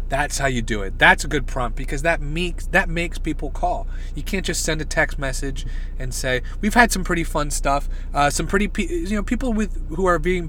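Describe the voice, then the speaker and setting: A man hosts a podcast from the driver's seat of his parked car, rambling through a deadpan comedic monologue with little asides to his listeners. His voice is fairly high and bright. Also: slight background noise. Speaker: podcast host.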